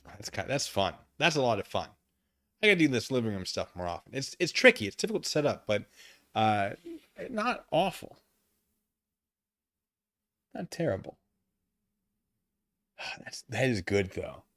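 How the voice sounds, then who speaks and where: A man's voice: mid-range voice, sing-song, normal speed, long pauses, fairly bright tone. A man streaming from his living room, chatting casually and reading chat aloud, rambling and self-deprecating.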